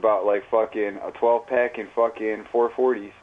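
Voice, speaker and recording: A man's voice: fairly low pitch, little pitch movement, normal speed. A man telling a rambling, profane story in casual, slang-heavy chat while livestreaming. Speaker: live streamer. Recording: tinny phone-like audio.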